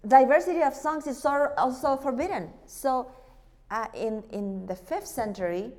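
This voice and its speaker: Woman lecturer, fairly high voice, lively church teaching, long hall reverb. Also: normal speed. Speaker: worship teacher.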